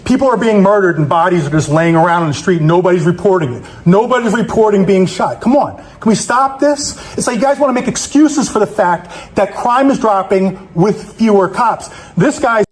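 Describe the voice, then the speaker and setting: A man's voice: high-pitched, lively intonation, moderate pace, few pauses. A man giving an angry, accusatory public comment speech, swearing as he denounces the police.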